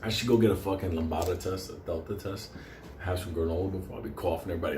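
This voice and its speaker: A man's voice: deep voice, racing, darkish tone. A man telling a story casually, swearing constantly and chuckling between lines. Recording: roomy with faint background noise.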